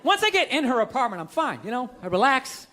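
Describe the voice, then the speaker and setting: A man's voice: extremely high pitch, big pitch swings, quick pace. A man performing a stand-up routine, rambling and self-mocking with lots of "you know.". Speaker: stand-up comedian. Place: comedy stage. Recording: live club with loud crowd noise.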